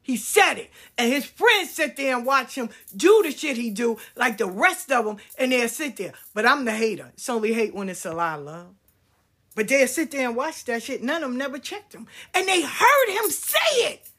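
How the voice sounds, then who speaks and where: Husky-voiced woman telling a fiery personal story. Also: fairly high pitch, very animated, moderate pace, a bit bright. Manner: blunt, profane, fiery.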